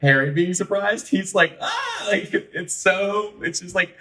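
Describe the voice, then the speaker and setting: A man guesting on a podcast, trading jokes and quick banter with the host. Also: high voice, a bit bright. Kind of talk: casual podcast chat.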